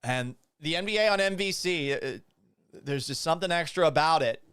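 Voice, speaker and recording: Animated, swearing man in his thirties. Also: fairly high pitch, moderate pace, clear, resonant tone, no room sound, studio quality. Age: 30s. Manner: animated, blunt, profane. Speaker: sports show host. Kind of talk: casual sports talk.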